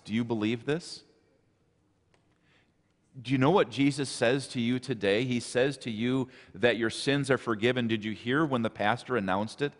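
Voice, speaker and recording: A man's voice: lowish voice, in a large hall. A man preaching a sermon, earnestly repeating his exhortations. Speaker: pastor.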